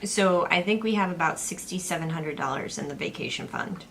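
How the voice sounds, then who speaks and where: A woman's voice: fairly low pitch, fairly quick, fairly bright tone, a little hiss or hum. A young woman co-hosting a casual personal finance vlog, chatting and walking through budget figures step by step. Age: young adult. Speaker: personal finance vlogger, co-host. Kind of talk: casual chat.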